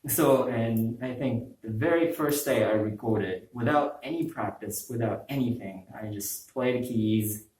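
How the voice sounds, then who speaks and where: A man's voice: medium pitch, darkish tone. Brief: young adult man, modest host, hesitant phrasing, mic distant in an echoey room. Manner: modest, slightly halting phrasing. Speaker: host, pianist. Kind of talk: casual chat.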